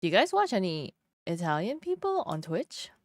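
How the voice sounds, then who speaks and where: A woman's voice: lowish voice, sing-song, moderate pace. A woman from Canada chatting casually with her stream viewers while she draws, laughing often and asking them questions.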